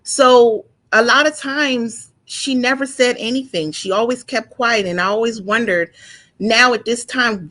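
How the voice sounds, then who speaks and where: A woman in her forties telling a painful personal story, halting and emotional, with frequent restarts and repeated words. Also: mid-range voice, fairly bright tone. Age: 40s. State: emotional, close to tears. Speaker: guest sharing her story.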